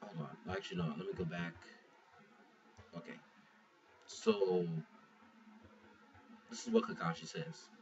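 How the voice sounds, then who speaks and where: A man talks through a manga chapter in a loose, rambling review, swearing freely and stumbling over his own sentences. His voice sits low but swings up and down a lot. He is recorded from a little way off the mic, so he sounds muffled, with a faint hiss underneath. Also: big pitch swings, a little slow, creaky, long pauses, far from the mic. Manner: rambling, profane, restarts a lot. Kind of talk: casual spoken review.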